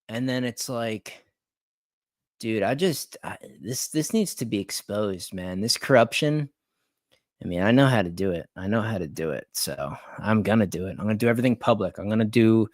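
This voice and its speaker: A man's voice: fairly low pitch, normal speed, dry recording, clean studio sound. A young man ranting on a late-night live stream about sports betting, swearing and repeating himself as he vents. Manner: agitated, swearing, repeats words.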